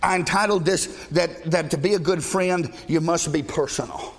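Middle-aged pastor guy, high pitched, preaches loud and blunt with jokes for the congregation, long church echo. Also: moderate pace. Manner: blunt, joking asides to the congregation; shouting, preaching passionately at times. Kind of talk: sermon. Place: church sanctuary. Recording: long reverb of a large church hall.

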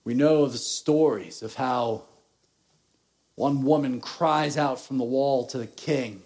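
A man preaching a sermon, reading scripture and explaining it slowly and deliberately, rising in force at times. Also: mid-range voice, darkish tone. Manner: slow, deliberate preaching, rising in intensity at points. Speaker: pastor.

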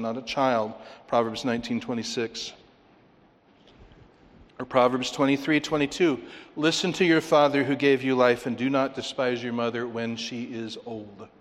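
A man preaching an expository sermon, animated and emphatic, at times carried along by sports imagery. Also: medium pitch. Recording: long hall reverb.

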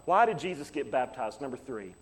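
A man's voice: medium pitch, sing-song, a little fast, husky. A man preaching a sermon as pastor, reading scripture and building to fervent, rising climaxes. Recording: long hall reverb.

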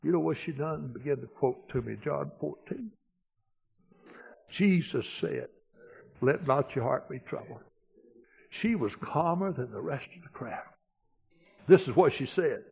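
A man, a pastor preaching a homespun storytelling sermon that drops quiet and then swells loud for emphasis. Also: fairly high pitch, lively intonation, a little slow, gravelly, pauses often, soft background music. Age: 60s. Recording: dull lo-fi recording.

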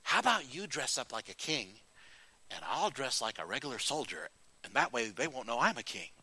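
A man's voice: medium pitch, very animated, a little fast, sharp tone, husky, no echo, heavily acted, poor audio. A man voicing a scheming king who talks in a casual, plotting way. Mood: sly. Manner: conversational, plotting.

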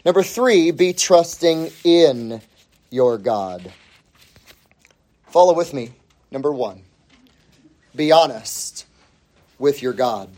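A man's voice: on the high side, animated, slow pace, pauses often, darkish tone. A man preaching a sermon as pastor, emphatic and repeating his key phrases for weight.

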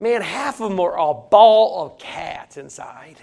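High-voiced animated male preacher. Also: slow, gravelly. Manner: animated, emphatic, folksy preaching with repetitions. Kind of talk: sermon.

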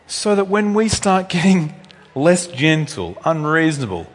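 A male pastor giving a conversational sermon with asides, swinging from loud, high emphasis down to soft, low tones. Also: normal speed. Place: church hall. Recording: long reverb in a church hall.

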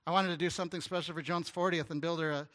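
A man delivers a storytelling sermon in a bright, forceful voice that sits a little high for a man. He speaks earnestly and stumbles over repeated words now and then. His delivery turns hushed and tender at the emotional points. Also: racing. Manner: earnest, animated storytelling with stammered restarts. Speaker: guest pastor.

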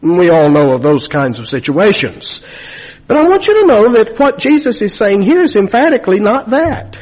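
Man, pastor, fifties, sermon, emphatic, husky voice, somewhat high pitch. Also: very animated, normal speed, darkish tone. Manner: emphatic, rhetorical questions.

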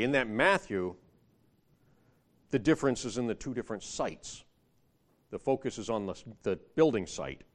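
A man with a lowish voice preaches a sermon conversationally. He often puts rhetorical questions to the listeners, and his emphasis rises whenever he quotes scripture.

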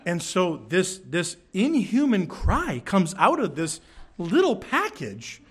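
A young adult man preaching a sermon as pastor, telling a funny story with quick jokes and sudden high-pitched bursts. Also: wildly swooping pitch.

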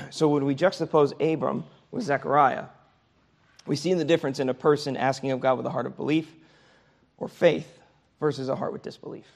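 A man's voice: mid-range voice, steady tone, fairly quick, gravelly. A man teaching a Sunday school Bible class in a conversational way, often checking in with his listeners.

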